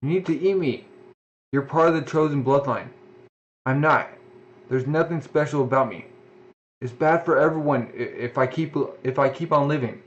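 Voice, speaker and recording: A man's voice: on the high side, moderate pace, dull audio, close to an everyday voice. A man reading the lines of a despairing, self-blaming young man in a manga reading, close to his own voice. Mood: pleading.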